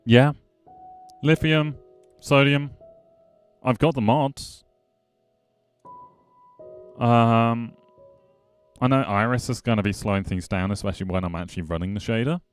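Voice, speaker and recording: A man's voice: mid-range voice, unhurried, pauses often, smooth, soft background music. A man giving casual, rambling gameplay commentary as a streamer, chatting back to his viewers with playful jabs. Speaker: gaming streamer.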